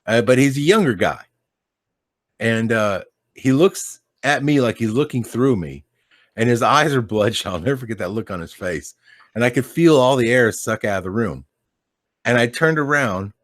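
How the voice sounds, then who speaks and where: A man's voice: medium pitch, animated, moderate pace, no echo, clean studio sound. A man in casual chat as a podcast guest, telling a story in a laid-back, rambling way, swearing and laughing often.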